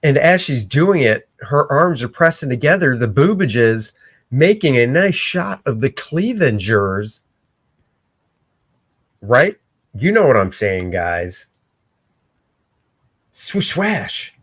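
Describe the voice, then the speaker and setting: A man's voice: medium pitch, very animated, slow, pauses often, fairly bright tone, breathy edge. A man, a comic artist, casually narrating his own art, joking and rambling and interrupting himself. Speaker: comic artist hosting a drawing channel.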